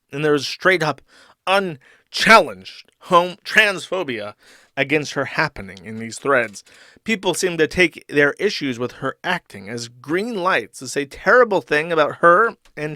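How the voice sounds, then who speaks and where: A man's voice: mid-range voice, pushed and bright, no room sound, clean studio sound. A man hosting a livestream, reading chat and forum comments aloud and reacting in a crude, mocking way.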